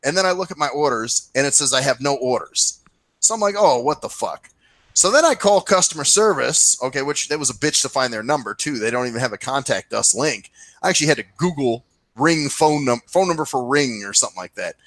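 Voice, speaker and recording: Animated swearing male ranter. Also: mid-range voice, a little fast, dry recording, poor audio. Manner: ranting storyteller, animated, swears freely; mimics people in put-on voices. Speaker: podcast co-host. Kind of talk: casual profane chat.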